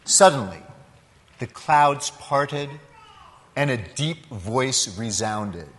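A man, a priest, preaching a homily in a slow, deliberate way, breaking his points into short emphatic phrases. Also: mid-range voice, animated, a bit bright. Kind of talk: sermon. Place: large church. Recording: long church reverb.

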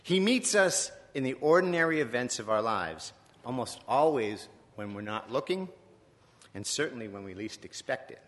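A man from Virginia preaching a sermon in a church, reflective and conversational, with pauses and self-corrections. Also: mid-range voice, lively intonation, fairly bright tone. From Virginia, USA. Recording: long echoing church reverb.

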